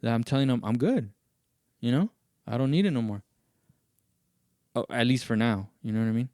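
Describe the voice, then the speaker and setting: A man hosting a podcast, telling a story in casual chat and acting out what other people said in raised, animated voices. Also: medium pitch, brisk, no echo, clean studio sound. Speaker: podcast host.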